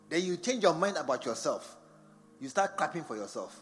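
A man's voice: fairly high pitch, sing-song, measured pace. A man preaching a sermon in a large church, firing rhetorical questions at the congregation. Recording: long church reverb with faint music behind.

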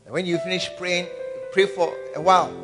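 A man's voice: high voice, fairly even intonation, brisk, fairly bright tone. A man preaching a sermon in a church hall, acting out phone calls and prayers. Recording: music and long hall reverb.

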